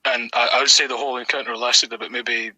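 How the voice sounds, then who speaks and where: A man's voice: medium pitch, little pitch movement, fast, pushed and bright, no echo, poor audio. A young Scottish man telling a story in a casual, rambling way, swearing often and filling his talk with ums and likes. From Scotland. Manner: rambling and sweary, with many fillers. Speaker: guest.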